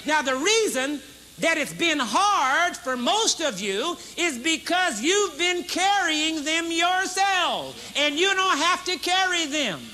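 Pastor, male, 50s, very high and piercing delivery, live church service, hammering repetition. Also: very animated, takes it slowly, a little hiss or hum. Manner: emphatic, repeats key phrases for effect; swings between loud proclamation and low intense talk. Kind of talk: sermon. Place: large church service with congregation responding.

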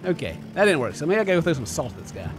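A man giving jokey, excitable let's play commentary as a gaming YouTuber, with sudden loud outbursts. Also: fairly high pitch, very fast, music in the background.

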